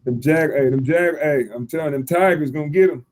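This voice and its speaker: A man, a high school football coach guest, giving short plain answers on a sports show. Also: fairly quick, darkish tone. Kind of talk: casual sports chat.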